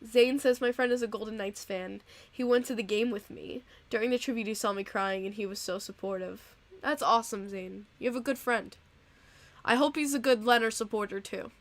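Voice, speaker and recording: A young woman hosting a casual live-stream podcast, reading out chat donations, chatty and quick to laugh and get emotional. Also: on the high side.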